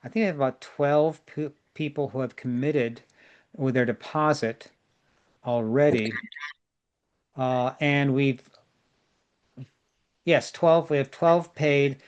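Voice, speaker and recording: A man's voice: medium pitch, takes it slowly, pauses often, clean tone, dull audio. A man organizing a group tour, giving chatty, jokey travel advice over a video call and repeating words for emphasis.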